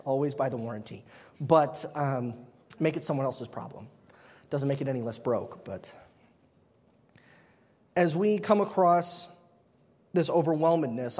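A man preaches a sermon in a relaxed, conversational way, slipping in self-deprecating jokes. His voice sits fairly high for a man. A long hall reverb trails his words. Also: husky.

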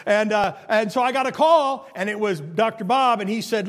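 A man's voice: high voice, moderate pace, fairly bright tone, in a large hall. A man pastor preaching a sermon, telling stories and emphatically repeating his key points.

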